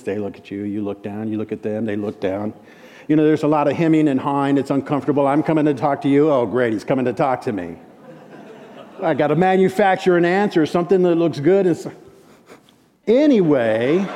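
A male preacher with a mellow, warm voice delivers a storytelling sermon at a middle pitch. He slows down for emphatic repeated refrains and then drops quick and hushed to tell a story. His voice rings with the long reverb of a large conference hall. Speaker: preacher and ministry director.

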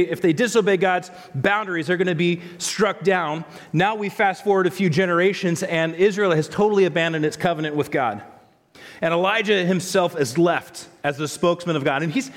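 A man preaching a sermon in a conversational way, with frequent restarts and asides. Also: high-pitched. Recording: long echo of a large hall.

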